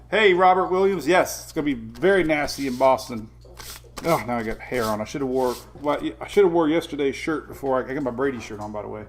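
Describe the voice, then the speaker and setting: A man's voice: medium pitch, fast talker, slight background noise. A middle-aged man hosting a casual morning weather livestream, chatting with viewers, greeting them by name and chuckling often.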